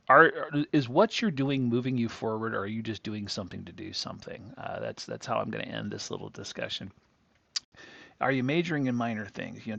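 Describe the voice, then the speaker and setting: Male host, casual rambling monologue, gravelly, dry slightly muffled sound. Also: on the low side, fairly bright tone, dry recording. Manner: rambling, folksy, chuckling asides. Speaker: crypto analysis channel host.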